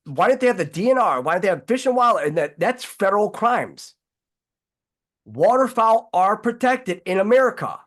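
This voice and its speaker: A man hosting a casual talk show, talking in long, heated, rambling runs and swearing freely. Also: high-pitched. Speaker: host.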